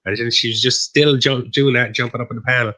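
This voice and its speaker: This Irish co-host of a live stream panel speaks in a mid-range voice with fairly even intonation. He's fast, bright and forceful, rambling and teasing through casual talk and swearing often.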